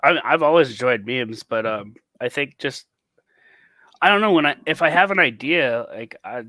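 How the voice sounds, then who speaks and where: Man, co-host, bright dry voice, halting casual delivery. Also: mid-range voice, animated, no room sound. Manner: hesitant, halting, lots of fillers. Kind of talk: casual chat.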